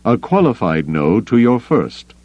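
Icy commanding grand admiral, read by a man, very deep voice, measured delivery, dry muffled sound. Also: very animated, a little mellow, no echo. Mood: coolly commanding. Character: cold calculating male grand admiral, commanding.

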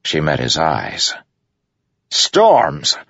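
A man narrating a story in an expressive, scripted storytelling delivery. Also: extremely low pitch, unhurried, gravelly, husky, dry recording. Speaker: audiobook narrator. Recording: dry, dull lo-fi sound.

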